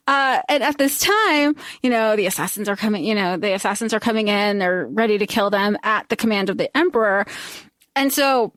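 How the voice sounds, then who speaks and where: High-voiced woman recapping a film animatedly. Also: dry recording, studio quality. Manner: animated, acts out characters' lines in quick voices, swears casually. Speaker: podcast co-host. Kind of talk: casual chat recapping a film.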